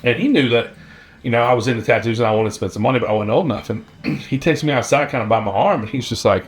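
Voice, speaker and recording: Man in his forties, tattoo artist spinning a yarn; mid-pitched, swears freely, easygoing delivery. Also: fast. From Virginia, US. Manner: profane, blunt, laid-back storyteller. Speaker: tattoo artist telling a story. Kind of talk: casual storytelling.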